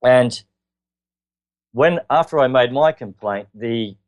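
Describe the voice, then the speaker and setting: A man with an Australian accent, telling his own story as an interview guest in an earnest, halting way with many filler words. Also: mid-range voice.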